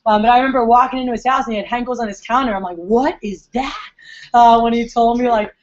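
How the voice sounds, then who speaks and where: A young woman talks quickly through a sales training story, slightly high-pitched and full of chatty asides as she acts out her customers' lines. The recording sounds dull and lo-fi. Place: meeting room.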